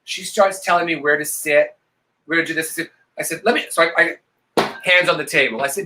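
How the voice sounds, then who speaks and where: Tipsy after a couple of vodkas, a co-host on a live stream tells a rambling family tale over a video call at a quick clip. His voice is slightly high and bright, he cusses without restraint, and he dramatically performs every quoted voice. Audio quality is poor.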